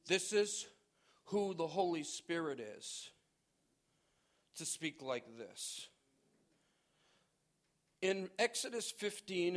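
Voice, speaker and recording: A male pastor with a high voice preaches a sermon. He urges his congregation on with force and reads scripture aloud between his points.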